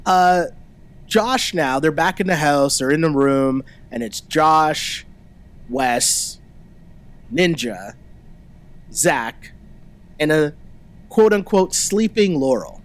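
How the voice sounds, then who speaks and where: A man walks through an episode in a loose, chatty podcast recap. His voice sits a little high for a man, and he keeps dropping quick quoted lines from the people he describes. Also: animated. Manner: retells scenes in quick bursts, quoting people. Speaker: podcast co-host. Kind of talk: casual recap chat.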